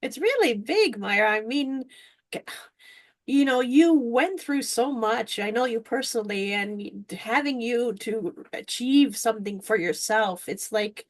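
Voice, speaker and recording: A woman hosting a podcast interview in a casual, encouraging way. She laughs easily as she asks her questions. Her voice sits a little higher than usual. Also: expressive, a little slow. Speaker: podcast host. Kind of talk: interview chat.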